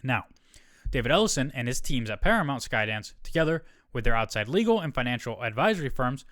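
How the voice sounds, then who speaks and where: A man's voice: mid-range voice, big pitch swings, brisk, a bit bright, no room sound. A man hosting a solo podcast. He reads a news article aloud and stops often for casual asides and self-corrections. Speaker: podcast host.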